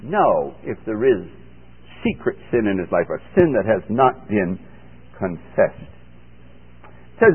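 Slow and sing-song, with long pauses and a breathy edge, this lower-pitched preacher reads scripture on the radio and lays out its meaning plainly, his emphasis building. The broadcast has an old, phone-like quality and lengthy reverb.

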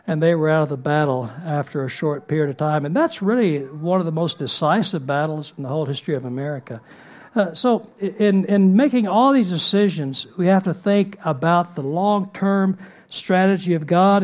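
Slightly high-voiced man preaching casually. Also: a little mellow. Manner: conversational with frequent fillers and restarts. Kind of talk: sermon.

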